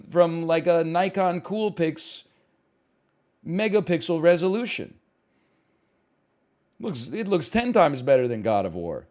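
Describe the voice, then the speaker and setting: Male streamer, slightly high, very animated delivery, rambling and profane. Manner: frequent stammers and restarts. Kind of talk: casual stream chat.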